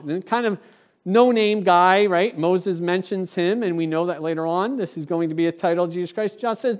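A male pastor preaching a sermon in a church, animated and conversational, speaking directly to the congregation. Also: high voice, normal speed.

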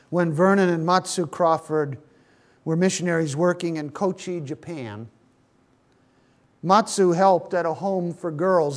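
A man preaching a sermon, retelling a Bible story and speaking to his listeners as friends. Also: high voice. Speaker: pastor.

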